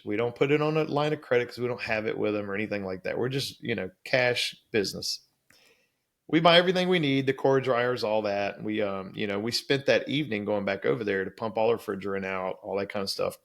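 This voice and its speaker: Gravelly man telling a story. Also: fairly low pitch, brisk. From Louisiana, USA. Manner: lively storyteller acting out quoted dialogue. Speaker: guest. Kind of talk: storytelling in a podcast interview.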